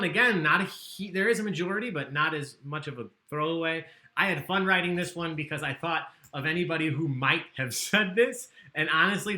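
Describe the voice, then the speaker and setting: A man's voice: fairly high pitch, sharp tone, echoey room. A man hosting a livestreamed trivia game, chatty and joking as he reads out the questions. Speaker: trivia host.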